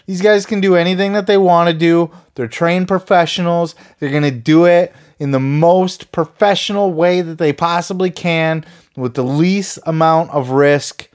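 A man's voice: on the high side, moderate pace. A man hosting a podcast, ranting heatedly with lots of swearing and sarcastic put-downs of his listeners. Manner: profane, heated, sarcastic mocking. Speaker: podcast host.

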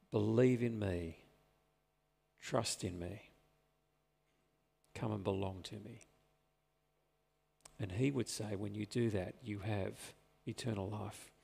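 A man preaching a sermon as pastor, earnest and slowing down to stress his points. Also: lowish voice, creaky, darkish tone. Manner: earnest, slows down for emphasis. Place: church. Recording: long reverb of a church hall.

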